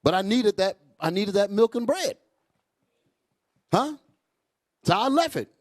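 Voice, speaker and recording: A man preaching a fiery, profane sermon to his congregation, calling out to them as he goes. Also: a little slow. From United States. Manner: loud, animated, swings high and low, profane, asks crowd "y'all all right?".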